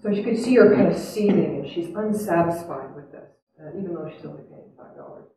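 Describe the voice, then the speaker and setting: A woman's voice: lowish voice, brisk, dark tone, a little hiss or hum. A woman giving a spiritual talk to a live audience, earnest and chatty, reflective by turns. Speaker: spiritual speaker. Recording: echoey hall, heard from a distance.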